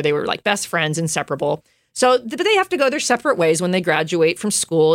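A woman telling a story in a casual podcast chat, full of fillers, asides and quick laughs. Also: mid-range voice, no room sound, studio quality. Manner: chatty, lots of fillers and asides; laughs often while telling.

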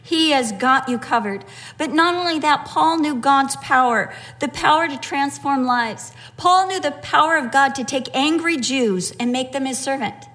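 A woman preaching a sermon, moving between low, earnest emphasis and lively, high-pitched storytelling. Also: normal speed, few pauses, big-room sound. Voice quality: animated, swings from low earnest tones to high excited storytelling. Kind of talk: sermon with humorous personal story.

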